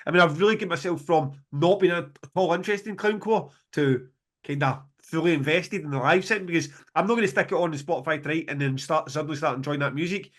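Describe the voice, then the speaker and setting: Talking fast in a slightly high voice, this podcast co-host and festival promoter rambles enthusiastically through a casual chat, restarting his sentences many times.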